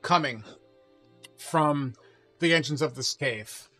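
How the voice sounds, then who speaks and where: A man's voice: on the high side, slow, fairly bright tone, faint music behind. A man narrating as game master of a tabletop game, loose and laughing between scene descriptions.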